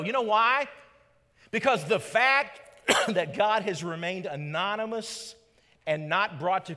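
Animated preacher man in a reverberant hall. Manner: dramatic swings from loud rhetorical questions to low quiet emphasis. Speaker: pastor. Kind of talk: sermon.

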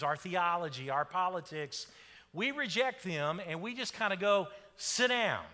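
A pastor preaching to his congregation, his high voice ringing through a big reverberant hall. He drives his points with dramatic swings, bursting loud and then dropping to a low hush. The tone is bright and cutting. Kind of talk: sermon.

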